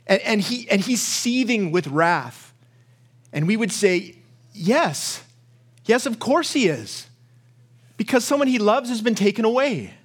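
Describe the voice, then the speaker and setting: Speaking at a measured pace in a high-pitched, sing-song, husky voice, a male pastor preaches a sermon. He tells stories with rising intensity, often repeating words as the passion builds.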